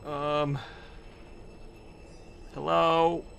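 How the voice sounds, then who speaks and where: A man's voice: a little high, level tone, drawn-out words, creaky, a bit bright, soft background music. A young man commentating a horror game, nervous and jumpy, chatting to objects around him and yelping at scares. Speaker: gaming YouTuber.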